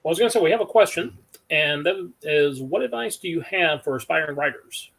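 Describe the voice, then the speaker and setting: A man's voice: on the high side, lively intonation, brisk, gravelly, a bit bright, poor audio. A man hosting an interview, giving short replies and reading out a viewer question. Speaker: host. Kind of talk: casual interview talk.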